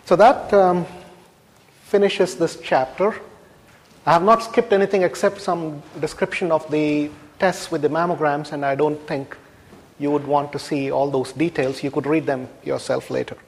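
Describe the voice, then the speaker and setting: A male university lecturer explains technical results in a slow, measured way, pausing between phrases. His voice sits a little higher than most men's. The sound rings with the long reverb of a lecture hall. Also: steady tone.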